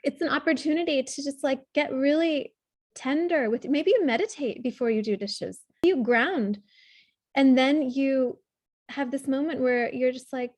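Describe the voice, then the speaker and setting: High-voiced gentle woman coaching. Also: measured pace, no echo. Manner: gentle, tender, earnest explaining. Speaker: somatic trauma coach. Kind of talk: one-on-one coaching session.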